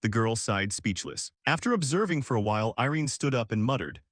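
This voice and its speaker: A man's voice: medium pitch, animated, a little fast, a bit bright, no echo, studio quality. A man narrating a comic story recap in a scripted, storytelling way.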